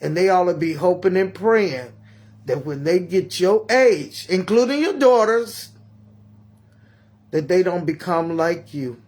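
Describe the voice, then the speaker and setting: A man doing a slow, high-voiced preachy granny. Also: animated, darkish tone. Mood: indignant. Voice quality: preachy, sermon-like delivery. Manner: ranting, scolding. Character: grandmother, older woman, preachy and upset. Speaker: storyteller.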